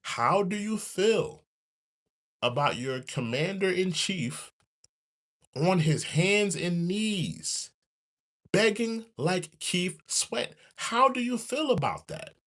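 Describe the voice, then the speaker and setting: Speaking slowly in a high, bouncy voice, a male commentary show host runs a casual stream like a live rant aimed at his chat. He's animated and repetitive, returning to the same points again and again and breaking into mock singing.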